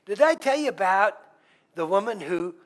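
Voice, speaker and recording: A man's voice: high voice, animated, normal speed. A middle-aged man preaching as a guest pastor in a church, telling humorous, conversational stories. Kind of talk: storytelling sermon.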